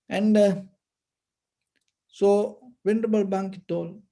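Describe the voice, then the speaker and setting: A man's voice: high voice, warm tone. A man giving a storytelling dharma talk as a meditation teacher, with patient, simple phrasing. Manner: slow, patient, simple non-native phrasing.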